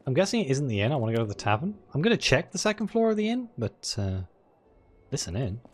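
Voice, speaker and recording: A man's voice: a little high, big pitch swings, very fast. A man chatting casually while playing a game and reading its dialogue aloud, thinking aloud in a self-deprecating way. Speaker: let's-play gamer.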